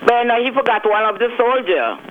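A man's voice: very high-pitched, big pitch swings. Man on a crackling phone line. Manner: halting, with many fillers. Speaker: caller. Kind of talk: phone-in call.

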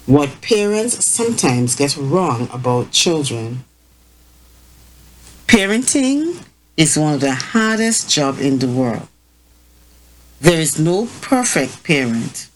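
A woman hosting a talk on parenting, reading prepared remarks in a measured way and sometimes correcting herself. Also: low-pitched, big pitch swings, slight background noise, poor audio. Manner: slow, measured, with self-corrections. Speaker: host.

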